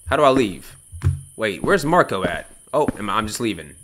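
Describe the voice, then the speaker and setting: A young man giving casual commentary on a horror game, loud, jumpy and swearing, taunting the monster and then panicking. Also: lowish voice, very animated, moderate pace, a little hiss or hum. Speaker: gameplay streamer.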